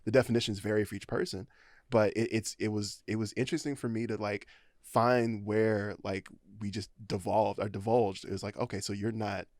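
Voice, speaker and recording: A man talking casually on a podcast in a studio, laid-back with lots of fillers, getting animated when he jokes. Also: on the low side, normal speed, no echo. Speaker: podcast host. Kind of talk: casual chat.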